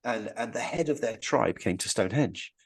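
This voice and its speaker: A man tells stories as a podcast guest, his voice husky and set low. He talks with rambling enthusiasm, often stumbling and restarting mid-sentence. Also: expressive, moderate pace. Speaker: Stonehenge guide and podcast guest. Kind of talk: casual storytelling interview.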